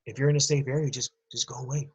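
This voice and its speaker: Husky-voiced man teaching a lesson. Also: medium pitch, fairly even intonation, fast, rough recording. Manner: patient, explanatory, addresses kids directly. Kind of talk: recorded remote lesson for students. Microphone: computer mic.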